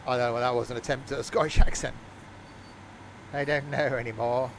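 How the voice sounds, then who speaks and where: A man's voice: medium pitch, steady tone, brisk, long pauses, a little hiss or hum. A tired man giving rambling, self-mocking commentary while streaming a train game, chuckling often. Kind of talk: casual live-stream commentary.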